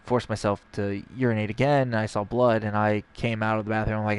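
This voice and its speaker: A man's voice: lowish voice, little pitch movement, brisk, few pauses, clean tone. A young man, a streamer, telling a long personal story in a casual, rambling way and acting out the dialogue. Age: young adult.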